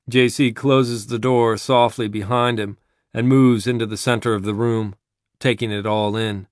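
A man reading a dramatic story aloud in a measured narrating voice. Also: mid-range voice, fairly even intonation, dry recording, clean studio sound.

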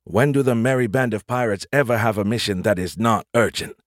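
A man's voice: lowish voice, a little fast, dry recording, studio quality, natural voice. A man playing a senior colonel giving terse, matter-of-fact orders aboard a ship. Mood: terse command. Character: gruff male senior colonel commanding a ship.

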